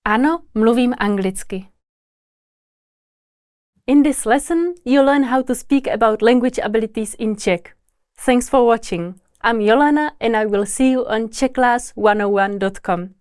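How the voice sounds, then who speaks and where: A woman language teacher who speaks slowly and carefully, saying each word twice in a lesson drill. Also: on the high side, darkish tone, clean tone, no echo, clean studio sound.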